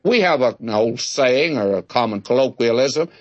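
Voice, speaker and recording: A man's voice: medium pitch, lively intonation, normal speed, dry recording, highs cut off. An older man giving a folksy, conversational Bible teaching, drawing out key words for emphasis and telling humorous anecdotes.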